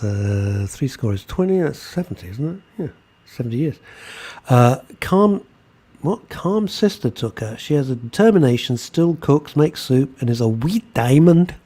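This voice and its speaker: A man's voice: mid-range voice, breathy edge. A man hosting a radio show, chatting casually and reading out listener messages. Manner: chatty, warm, reads messages aloud and reacts.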